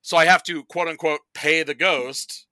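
A man's voice: fairly high pitch, fairly even intonation, normal speed, bright, forceful tone, no room sound. A man on a casual podcast, recapping movies in a rambling, profane way, full of "like" and acted-out quotes. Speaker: podcast guest reviewing movies.

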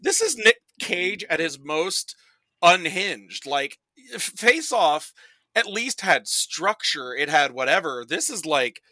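Podcast guy ranting, animated and sweary, super bright voice, dry close mic. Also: on the high side, slow pace, no room sound. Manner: animated, profane storytelling. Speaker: podcast guest. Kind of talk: casual chat.

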